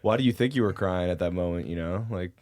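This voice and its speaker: Man, podcast host, low voice, short probing questions, dry studio sound. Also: fast, darkish tone, dry recording. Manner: short probing questions, frequent murmured agreement. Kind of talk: interviewing.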